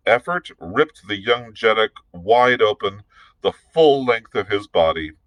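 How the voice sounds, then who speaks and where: A man working as a librarian, reading a novel aloud in a measured, deliberate way with the odd small slip and restart. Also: lowish voice, fairly bright tone, dry recording, low-quality recording.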